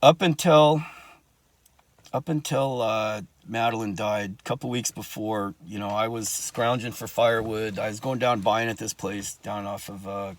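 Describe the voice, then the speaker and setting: A man's voice: lowish voice, fairly even intonation, measured pace, no echo. A man telling a personal story in a rambling, profane way, often restarting his sentences.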